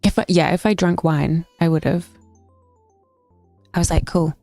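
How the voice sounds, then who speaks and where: Blunt, low-voiced woman streamer. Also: unhurried, warm tone, no echo, faint music behind. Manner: blunt, swears freely, laughs between stories. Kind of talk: casual chat on a gaming stream.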